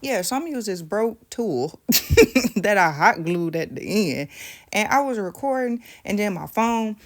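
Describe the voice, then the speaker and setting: A woman's voice: mid-range voice, lively intonation, measured pace. A woman, chatting playfully to viewers while doing her nails, pregnant and at ease. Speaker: nail tutorial vlogger. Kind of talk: casual tutorial chat.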